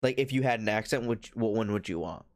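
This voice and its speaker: A man's voice: fairly low pitch, fast, no room sound, studio quality. A man co-hosting a podcast in casual chat. He talks in a laid-back, musing way and often trails off. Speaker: podcast co-host.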